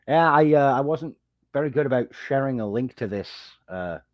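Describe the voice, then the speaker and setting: A man hosting a casual livestream, telling a story in a lively way and greeting viewers as they join. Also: normal speed, dry recording, dull audio. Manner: animated storytelling, jumps high when quoting people. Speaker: livestream host and fantasy author. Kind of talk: casual rambling livestream chat.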